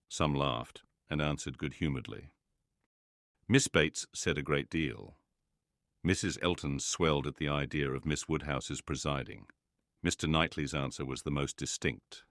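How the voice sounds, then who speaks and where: A man narrating a classic novel in a measured, even reading. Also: extremely low pitch, no echo, clean studio sound. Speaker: audiobook narrator.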